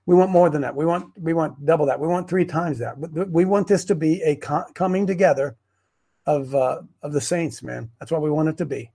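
A man hosting a casual livestream, rambling and excitable, stopping and restarting his sentences. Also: fairly high pitch, fairly quick, gravelly, slightly rough. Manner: rambling, excitable, self-interrupting. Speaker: host of a preparedness group show. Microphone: webcam on a wobbly stand.

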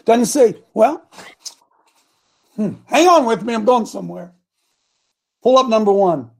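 An older man preaching a sermon as pastor, impassioned and repetitive, with sudden bursts of loud emphasis. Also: high voice, lively intonation, measured pace, creaky, breathy edge.

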